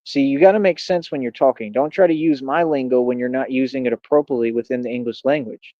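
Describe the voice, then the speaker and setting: A man's voice: medium pitch, steady tone, fast, no echo. Combative man ranting on a livestream. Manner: combative, taunting, repeats "bro". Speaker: livestream host. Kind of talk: livestream rant to chat. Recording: dull lo-fi stream audio.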